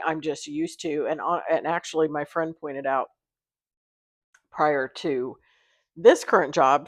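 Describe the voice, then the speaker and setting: A woman's voice: sits low, dry recording, clean studio sound. A sick woman in a candid, rambling vlog, talking with many fillers. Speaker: vlogger and therapy intern. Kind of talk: casual confessional vlog.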